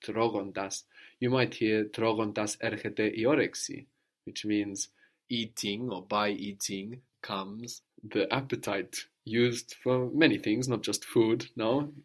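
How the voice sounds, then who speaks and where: A man's voice: fairly low pitch, fairly even intonation, a little slow. A man giving a patient one-to-one language lesson, prompting his student with questions and repeating the answers. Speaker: language teacher.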